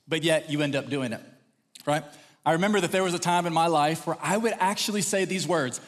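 A pastor from Texas preaching a sermon, telling personal stories with lively acted-out quotes. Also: male voice, fairly high pitch, fast talker. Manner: animated, acts out quotes in raised voice. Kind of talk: sermon storytelling. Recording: long hall reverb.

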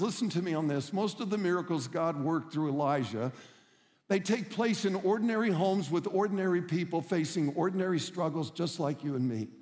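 A man's voice: a little high, a little mellow, in a large hall. A middle-aged man preaching a sermon as a pastor, telling stories in an earnest, emphatic way.

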